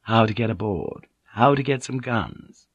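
A man reading a novel aloud as a narrator, measured and even. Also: lowish voice, husky, no echo, highs cut off. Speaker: audiobook narrator. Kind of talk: scripted narration.

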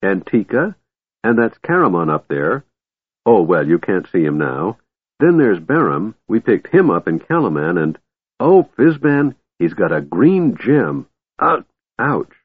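A man's voice: on the low side, very animated, unhurried, breathy edge, dry recording, exaggerated voice. A man voicing a small, cheerful kender who chatters eagerly and politely. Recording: tinny phone-like dry recording.

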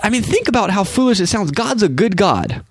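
A young adult man hosting a faith podcast, talking in a casual, animated way and acting out quoted voices. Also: high-pitched, fairly quick, breathy edge, dry recording, studio quality, soft background music. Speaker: podcast host and minister.

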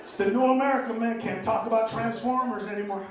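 A man from Honduras doing a brash, profane stand-up set, swinging between shouts and low mutters. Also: fairly even intonation, quick pace, far from the mic. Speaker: stand-up comedian. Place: comedy club stage. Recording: roomy live club recording with crowd noise.

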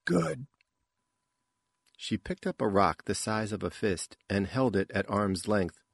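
A man narrating an audiobook in an unhurried, expressive manner. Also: lowish voice, dry recording. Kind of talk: scripted narration.

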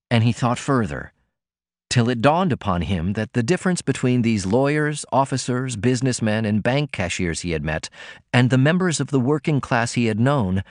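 In a measured, even delivery, a man narrates an audiobook from a script. His voice sits in the mid range, and the studio-quality recording carries no room sound.

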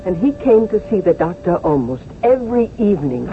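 A man narrating a radio drama in a calm, measured storytelling voice. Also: sits high, a little hiss or hum. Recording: tinny old radio broadcast with music.

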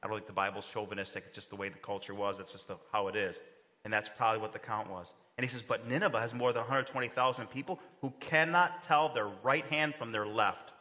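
A man preaching from the pulpit, his voice bright and tense, carrying over a long reverberant tail in a large hall. He delivers the sermon with animation, pitching up sharply whenever he voices the people he quotes. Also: steady tone, quick pace. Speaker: pastor.

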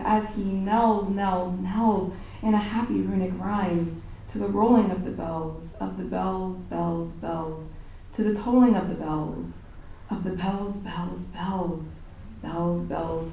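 Woman reading a poem real slow, low mellow voice, far off in an echoey classroom. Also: a little hiss or hum. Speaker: student.

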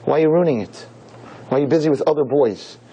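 A rabbi preaching a sermon to young women, telling a story dramatically and rising to shouts. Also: male voice, a little high, fast, breathy edge, highs cut off. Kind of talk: sermon to girls.

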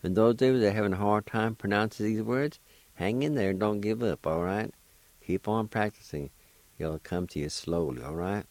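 A man's voice: lowish voice, normal speed, dry recording, rough recording. A man from Oklahoma hosting a radio language lesson, spelling and pronouncing words patiently and encouraging his listeners. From Oklahoma, United States. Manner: patient, encouraging, gently joking. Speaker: radio host teaching language. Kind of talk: slow spelling and pronunciation lesson.

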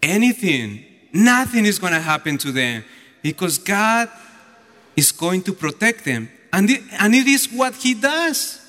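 A man's voice: sits high, big pitch swings, a little slow, sharp tone. A man preaching a homily as a deacon, telling the story animatedly and acting out the voices. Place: church. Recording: echoey church hall.

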